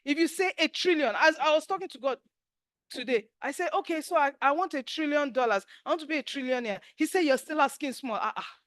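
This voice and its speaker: Speaking with a high voice at a quick pace, this middle-aged Nigerian woman teaches a spiritual class in her Nigerian accent. She tells stories with acted-out quotes, animated and emphatic, and the sound is clean studio audio without echo.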